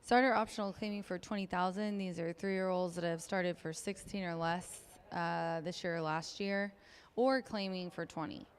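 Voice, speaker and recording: Smooth-voiced woman handicapping a race. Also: fairly low pitch, steady tone, moderate pace. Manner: chatty and upbeat, with frequent ums. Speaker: racetrack handicapper. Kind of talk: race preview analysis.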